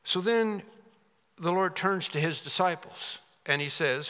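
Guy preaching, high bright voice, keeps repeating lines for punch, lots of hall echo. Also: a little slow, clear, resonant tone. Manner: emphatic, repeats phrases for effect. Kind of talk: sermon. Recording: long hall reverb.

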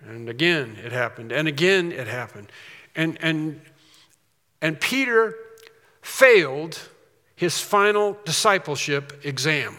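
A man preaching a sermon as pastor, swelling to loud, slowed emphasis on key phrases and dropping back to a quieter tone. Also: fairly high pitch, animated, big-room sound.

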